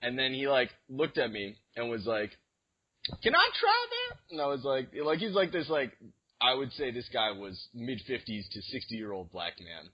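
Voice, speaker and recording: A man's voice: mid-range voice, lively intonation, normal speed, husky. A young man co-hosting a podcast, telling rambling casual stories full of fillers and restarts. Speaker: podcast co-host. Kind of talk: casual chat. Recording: dull lo-fi recording.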